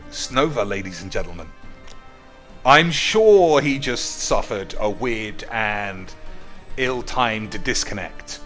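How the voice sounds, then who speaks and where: A man ranting sarcastically over gameplay, crude and rambling, jumping into high mock shouts. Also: expressive, takes it slowly, faint music behind. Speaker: gaming video host.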